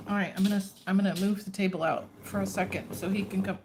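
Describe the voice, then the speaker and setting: A woman's voice: medium pitch, steady tone, normal speed, darkish tone, a little hiss or hum. A woman giving a casual, chatty tarot reading, often breaking off to coax her dog over. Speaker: tarot reader.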